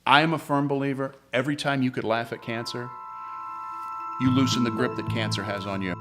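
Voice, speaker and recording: A man's voice: mid-range voice, steady tone, fairly quick, over loud music. Joking comedian telling his story. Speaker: comedian guest. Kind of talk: storytelling interview.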